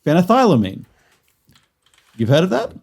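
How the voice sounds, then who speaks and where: Brief: man, co-host, rambling and joking, a bit higher voice. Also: wildly swooping pitch, a little fast, creaky, a little mellow. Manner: rambling, joking, stumbles over words. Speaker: podcast co-host presenting lore. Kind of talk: casual podcast chat.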